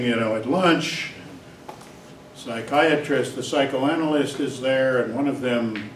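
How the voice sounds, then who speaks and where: A man lecturing to a class, walking through a simple everyday scene to make his point. His voice sits at a middle pitch and reaches the camera from a distance. The sound carries the echo of a large room over a faint hiss. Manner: explains with everyday examples. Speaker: psychology lecturer. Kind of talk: university lecture. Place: lecture hall.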